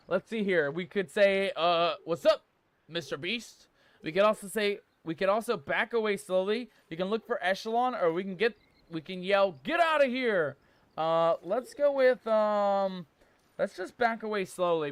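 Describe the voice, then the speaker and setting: A man streaming a game live, joking in mock pirate talk, reading the game's text aloud and shouting out in surprise. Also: sits high, normal speed, clear, resonant tone, dry recording. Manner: laughs often, exclaims loudly.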